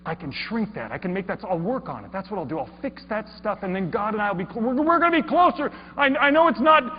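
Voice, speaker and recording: Guy telling a story on stage, kinda high voice, stammers and repeats himself, echoey hall, muffled with a hum. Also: lively intonation, quick pace. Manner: acts out his inner monologue, stammering repeats. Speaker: speaker. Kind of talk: dramatized storytelling talk. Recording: echoey hall, dull sound, mains hum.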